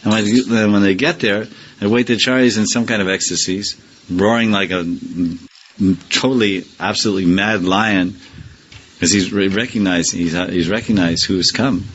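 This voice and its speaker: A man's voice: on the low side, fairly even intonation, moderate pace, a bit bright, lo-fi sound, slight background noise. A man teaching a scripture class in a loose, conversational way, firing rhetorical questions at his listeners and chuckling now and then. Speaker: spiritual teacher.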